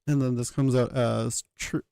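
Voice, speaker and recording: A man's voice: mid-range voice, steady tone, normal speed, creaky, dark tone, clear, resonant tone, no echo. A man thinking aloud as he works, hesitant, with many fillers and self-corrections. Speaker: channel host working through a reconstruction. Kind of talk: thinking aloud while working.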